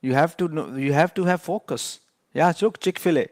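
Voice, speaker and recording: A man's voice: a little high, normal speed, no echo, studio quality. A man giving a trading lesson in an emphatic, lecturing way, often repeating key points for stress. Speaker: trading educator.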